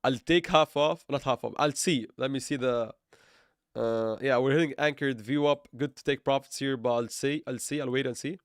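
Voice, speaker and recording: A man's voice: mid-range voice, moderate pace, smooth, dry recording. Man, crypto trading livestream, rambling, self-correcting, sarcastic, dry close sound. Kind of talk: live trading stream chat.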